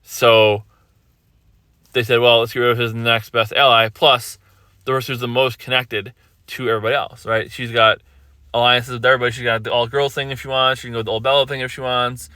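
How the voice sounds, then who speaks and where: A man hosting a podcast, casually recapping reality TV episodes, rambling and correcting himself as he retells scenes with quick quoted asides. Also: medium pitch, level tone, pushed and bright, smooth, no echo, studio quality.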